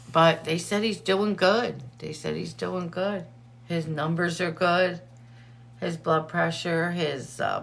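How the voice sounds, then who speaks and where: A woman hosts a casual livestream, talking slowly in a low voice. Her tone has a gravelly fry, and she chats warmly with viewers, calling out their names between updates. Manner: chatty, greets viewers by name between updates. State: teary eyes from allergies. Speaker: livestream host.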